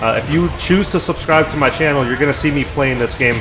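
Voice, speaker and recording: A man's voice: a little high, fast. Male stream host, casual and chatty, roomy sound, music underneath. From United States. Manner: chatty, thanks viewers. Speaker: livestream host.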